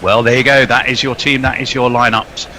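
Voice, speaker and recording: A man's voice: medium pitch, flat delivery, brisk, pushed and bright, a little hiss or hum. A man hosting a casual podcast chat, introducing guests with playful, jokey billings. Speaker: host.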